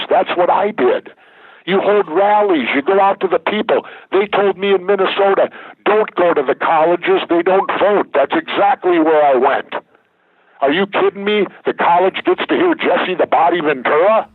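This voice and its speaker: An older man speaks bluntly and with emphasis, telling his stories with conviction. His voice is slightly high for a man and a little husky. It comes through a dry, tinny phone line. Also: animated, normal speed, dry recording. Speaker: guest. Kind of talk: political interview.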